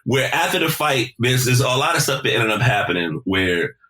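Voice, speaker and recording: A man guesting on a podcast, telling stories in a casual, animated, profane way and repeating words as he starts his sentences. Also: mid-range voice, moderate pace. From South Carolina. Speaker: podcast guest, deejay and emcee. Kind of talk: casual conversational storytelling.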